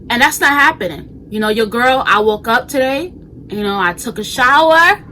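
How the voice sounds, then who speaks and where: This is a New York woman in her twenties, vlogging from her bedroom at home, her voice on the high side at a moderate pace. She chats animatedly and sassily straight to viewers, using slang. The recording is low quality, with slight background noise.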